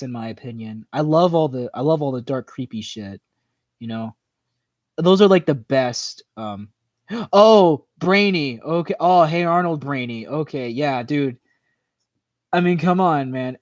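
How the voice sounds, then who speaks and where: A man hosting a livestream in a casual, rambling chat, filling his talk with "like" and "you know" as his voice tires and goes hoarse. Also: on the high side, darkish tone, no echo. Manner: rambling, full of "like" and "you know", quick laughs. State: voice tiring and hoarse. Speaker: livestream host. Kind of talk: casual chat reacting to viewer comments.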